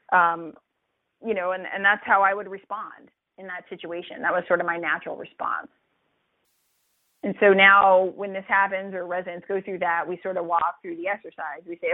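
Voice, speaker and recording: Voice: mid-range voice, steady tone, normal speed, no room sound. A physician who trains residents talks casually and reflectively, with many fillers and restarts. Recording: tinny dry phone line.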